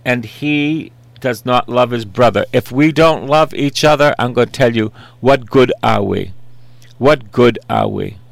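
A man's voice: mid-range voice, big pitch swings, unhurried, gravelly, dry recording. A man in his sixties preaching a sermon in an earnest, conversational way, repeating simple refrains.

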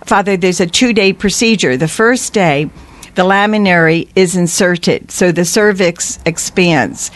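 A woman's voice: mid-range voice, no room sound. A woman tells a personal story on a radio program, her voice sitting in the middle of the range. She speaks earnestly and animatedly, and the studio sound is close and dry. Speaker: guest.

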